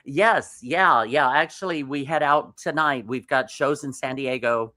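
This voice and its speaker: A man's voice: mid-range voice, measured pace, pushed and bright, dry recording, clean studio sound. A man co-hosting a talk show, chatting about his travels and his birthday. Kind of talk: casual chat.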